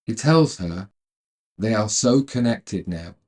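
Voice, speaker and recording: A man narrating a retelling of a film's plot in a calm, measured way, then adding his own commentary. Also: fairly low pitch. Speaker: storyteller retelling a film.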